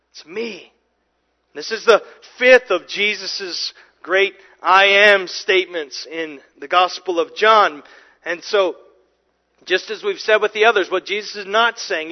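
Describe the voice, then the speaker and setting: A man's voice: high-pitched, dull audio. A man preaching a sermon as pastor, earnest and emphatic, often restarting and repeating words.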